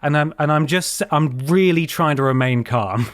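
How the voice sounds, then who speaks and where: A man hosting a podcast who tells a story in an animated way and swears a lot. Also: on the high side, moderate pace, no room sound, clean studio sound. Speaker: podcast host. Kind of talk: casual chat, storytelling.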